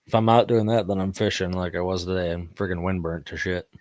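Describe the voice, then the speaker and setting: A man in his thirties chatting casually with an old friend, laid-back and quick to laugh. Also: low voice, fairly even intonation, darkish tone, dry recording. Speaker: guest. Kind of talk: casual chat.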